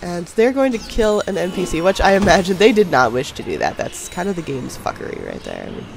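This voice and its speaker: A man's voice: high voice, wildly swooping pitch, brisk, creaky, background noise. A young man with a stuffy nose from a cold, chatting casually and laughing as he narrates his own gameplay. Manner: chatty, self-deprecating, laughs often. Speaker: gameplay commentator. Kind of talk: casual voice-over game commentary. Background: faint background music.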